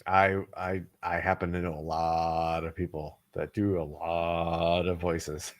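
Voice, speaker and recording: A man's voice: sits low, little pitch movement, takes it slowly. Casual, profane man co-hosting. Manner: profane and digressive, laughs often. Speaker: co-host. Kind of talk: casual podcast chat.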